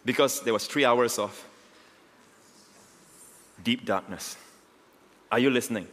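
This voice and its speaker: A male pastor preaching a sermon, emphatic and swelling to near shouts, often checking in with the congregation. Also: medium pitch, unhurried. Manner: emphatic, rising to near shouts on key lines; repeats call-outs to the congregation. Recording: long hall reverb.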